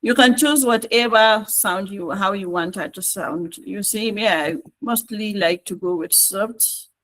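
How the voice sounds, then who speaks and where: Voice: medium pitch, unhurried, a bit bright, rough recording. Coaxing trainer with a Nigerian English accent. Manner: repetitive, coaxing instruction with frequent checks on listeners. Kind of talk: online tutorial walkthrough.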